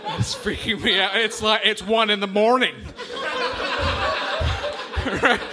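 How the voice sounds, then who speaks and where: A man's voice: sits high, fairly even intonation, takes it slowly, over music. A young man doing a stand-up comedy set, rambling and self-mocking, laughing at his own jokes. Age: young adult. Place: comedy club stage with live audience. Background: audience laughter.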